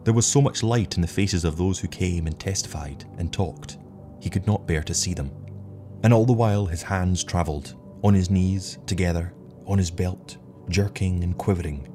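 A man reading an audiobook story in a measured, even way, with faint music behind. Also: sits low. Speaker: narrator. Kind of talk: audiobook narration.

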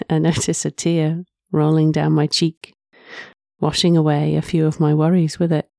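A woman reads a first-person story aloud in a soft, reflective way, often sighing between lines. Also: sits low, little pitch movement, moderate pace, creaky, no echo, studio quality. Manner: soft, reflective, with frequent sighs. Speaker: narrator.

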